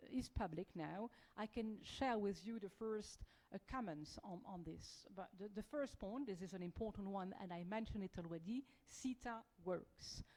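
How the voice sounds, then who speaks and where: A woman with a French accent speaks on a policy panel. Her delivery is halting, full of fillers and restarts. Her voice sits at an ordinary middle pitch. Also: a little mellow, low-quality recording. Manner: hesitant, many fillers and restarts. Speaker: panelist, EU diplomat. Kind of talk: panel discussion.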